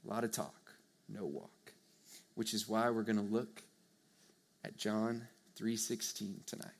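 A young man preaching a sermon to a live audience, earnest and conversational, swinging from hushed to loud emphasis. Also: fairly low pitch, steady tone, unhurried, gravelly. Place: church or meeting hall with a live audience.

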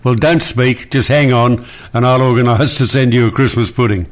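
An older man hosting talkback radio, firm and reassuring, a little gruff with callers. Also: medium pitch, normal speed.

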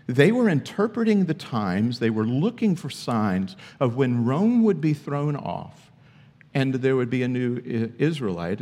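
A man preaching a sermon as pastor, emphatic, with high-pitched bursts when acting out questions. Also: a little mellow, breathy edge, long reverb tail.

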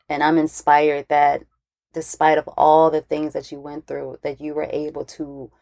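Low voiced lady host gushing over her guest, warm dark tone, dry sound. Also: vocal fry, dry recording. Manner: effusive and encouraging. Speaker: interviewer host. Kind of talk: faith talk show interview.

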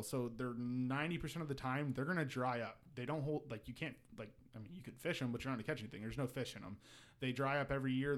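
A man from Texas with a Texan accent, co-hosting a casual outdoors podcast and explaining things at length. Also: mid-range voice. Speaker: podcast co-host.

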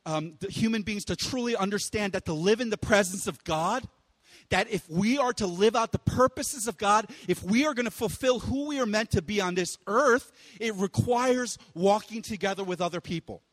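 Young male pastor, high voice, casual animated sermon delivery; long hall reverb. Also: moderate pace. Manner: casual, animated, with playful voices and bursts of loud exclaiming.

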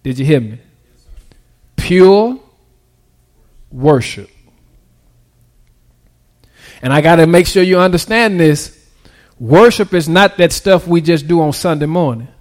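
Preaching at a fairly quick pace, this high-voiced pastor trades call-and-response with the congregation. His delivery ranges from hushed, almost whispered moments to loud, excited shouting, and his grammar stays loose and conversational.

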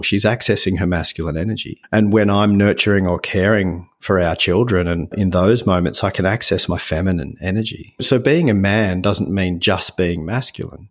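A middle-aged man with a somewhat low voice speaks as a guest author in an interview. He talks in an earnest, gentle, reflective way. His stories come with lively energy.

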